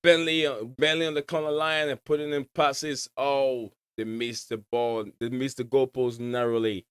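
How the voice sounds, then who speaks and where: A man's voice: medium pitch, level tone, normal speed, clean tone, dry recording. A man hosting a live watch-along, giving casual, rambling match commentary with lots of fillers and restarts.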